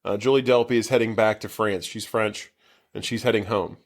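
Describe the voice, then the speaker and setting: A man's voice: fairly low pitch, steady tone, brisk. A man co-hosting a casual podcast, recapping a movie in a loose, rambling way full of fillers. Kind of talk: casual chat. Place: basement.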